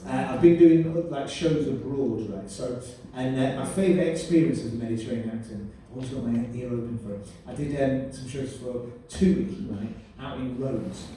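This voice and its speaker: A man's voice: mid-range voice, normal speed, hardly any pauses, mellow, slight background noise. A man compering a live stand-up show, chatty and quizzing the crowd. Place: comedy venue. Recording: echoey room, voice far from mic.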